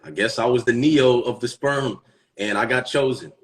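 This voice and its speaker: A man in his thirties talking to his viewers in a casual live-stream monologue, profane and boastful, swinging between loud bursts and hushed asides. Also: medium pitch, normal speed.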